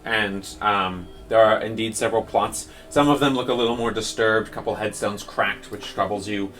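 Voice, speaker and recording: A man's voice: lowish voice, moderate pace, a bit bright, faint music behind. A man narrating a tabletop game as dungeon master, describing scenes in a rambling way with many fillers.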